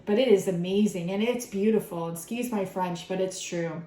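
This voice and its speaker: A woman doing a casual tarot reading for her viewers, excitable and swearing freely as she talks straight to the camera. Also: medium pitch, normal speed, roomy sound, heavy background noise. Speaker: tarot reader. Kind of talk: casual spiritual reading vlog.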